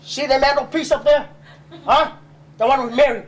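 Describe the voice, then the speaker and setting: In a live comedy skit, a stage comedian with an extremely high-pitched voice plays a stern father who is also the village chief. Speaking at a moderate pace with fairly even intonation, he hectors and bullies his son, scolding him and barking "huh?" constantly.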